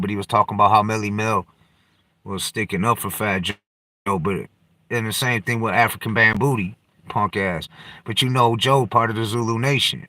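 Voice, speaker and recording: A man's voice: mid-range voice, sharp tone. A man hosting a podcast, talking loosely in slang and profanity and jumping from topic to topic. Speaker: podcast host. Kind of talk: casual rambling chat.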